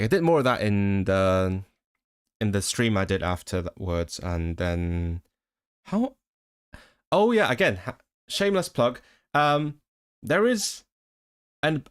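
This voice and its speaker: A man chatting casually with his live-stream viewers, rambling with frequent laughs and restarts. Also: lowish voice.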